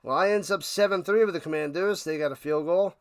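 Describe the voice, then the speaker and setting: A man hosting a live watch party, calling plays casually and chatting with viewers, bursting into loud hype on big plays. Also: fairly high pitch, brisk. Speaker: watch party play-by-play host. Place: home room, his man cave.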